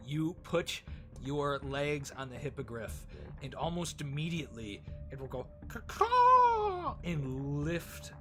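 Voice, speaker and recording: A man running a tabletop game as dungeon master, narrating haltingly with many fillers. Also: medium pitch, fairly bright tone, a little hiss or hum. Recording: music playing behind.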